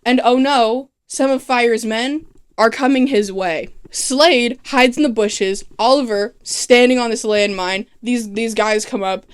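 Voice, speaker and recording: A woman's voice: on the high side, a little slow, clean tone. A woman giving a casual, comedic recap of a TV show, full of sarcastic asides and swearing.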